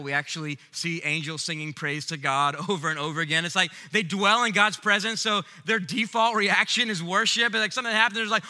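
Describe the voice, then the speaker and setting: A male pastor preaching a sermon, animated, swinging between loud emphasis and hushed lines. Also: high voice. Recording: long reverb of a large hall.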